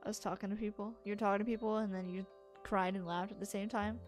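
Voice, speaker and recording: A young woman streams a video game in loose, chatty commentary, cursing freely and breaking into laughter often. Her voice sits at an ordinary middle pitch. Soft game music plays faintly underneath. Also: steady tone, fast talker. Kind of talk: casual gameplay commentary.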